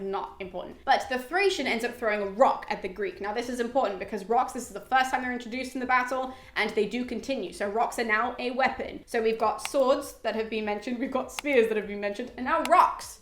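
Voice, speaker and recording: A woman host retelling a story in a chatty, animated way, with lots of "like" and the odd swear word. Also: on the high side. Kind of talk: casual explainer. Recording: echoey room.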